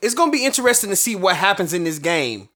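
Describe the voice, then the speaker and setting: Man, sports co-host, casual rambling talk, slightly high voice. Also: fast. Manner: relaxed, rambling, with fillers and restarts.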